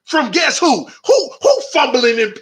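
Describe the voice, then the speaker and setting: A man hosts a live football stream, his voice pitched high and ringing bright. He talks animatedly, reads out updates and argues back at comments from his viewers. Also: wildly swooping pitch, a little slow. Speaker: sports channel host.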